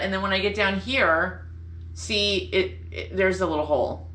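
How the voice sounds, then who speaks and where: A woman's voice: medium pitch, normal speed, bright, forceful tone. A woman hosting a sewing vlog from her home sewing room, bubbly and rambling, often correcting herself. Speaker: sewing channel host. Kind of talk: casual chatty sewing vlog. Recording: echoey room with faint ambience.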